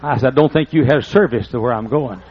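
A man's voice: mid-range voice, quick pace. An older man preaching a folksy storytelling sermon. He acts out the dialogue in raised voices. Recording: muffled lo-fi recording.

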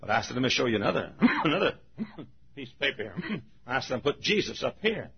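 An older man preaching a sermon, telling a story and acting out the voices, shouting at the high points. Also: fairly quick, slightly rough. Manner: animated, acts out voices, shouts at peaks. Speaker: pastor. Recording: muffled lo-fi recording.

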